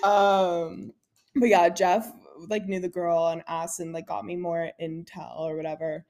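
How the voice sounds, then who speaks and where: Woman co-host, low-pitched, chatty storyteller who leans on "like" and quotes people. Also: little pitch movement, unhurried, a little mellow. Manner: storytelling with lots of "like" and laughter; acts out quoted lines in dialogue. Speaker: podcast co-host. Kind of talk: casual chat.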